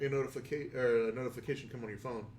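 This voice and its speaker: A man's voice: mid-range voice, steady tone, rapid-fire, background noise. A man narrating as game master of a tabletop role-playing game, telling the story unhurriedly with frequent fillers. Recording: roomy echo.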